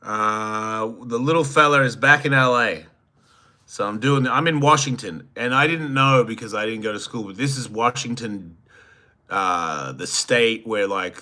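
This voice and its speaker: A man in his fifties with an Australian accent hosts a casual livestream, reading viewer comments aloud and cracking crude jokes. His voice is lowish, bright, and forceful.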